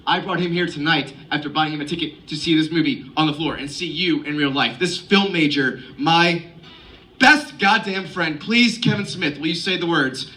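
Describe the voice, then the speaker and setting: A young man in the audience giving a boisterous, profane shout-out to the crowd and the guest. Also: a little high, normal speed, rough recording. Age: young adult. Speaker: audience member. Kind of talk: loud hyped-up shout-out to a crowd.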